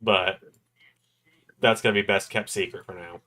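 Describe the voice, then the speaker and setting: Man, fairly low voice, relaxed stream host, chatty and explanatory. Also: moderate pace. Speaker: host of a wrestling watch-along stream. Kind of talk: casual livestream chat.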